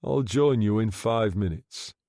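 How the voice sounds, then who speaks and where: A man voicing a smooth-talking gangster undertaker who speaks low, soft and quietly threatening, in an audiobook reading. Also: a little slow, dry recording, clean studio sound. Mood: menacing.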